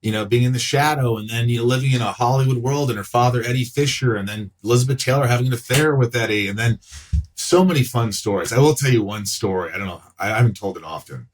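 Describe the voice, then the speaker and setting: A man's voice: medium pitch, fast, hardly any pauses, poor audio. A middle-aged man, an actor, talking casually on a podcast, telling stories and acting out other people's lines in put-on voices and swearing freely. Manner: animated, acts out quotes in voices, swears freely. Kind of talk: casual conversation, storytelling.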